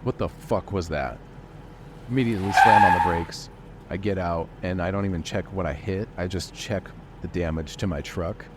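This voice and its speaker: A man's voice: sits low, moderate pace, heavy background noise. A man playing in an improvised tabletop role-play, talking casually, joking and swearing in character. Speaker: player.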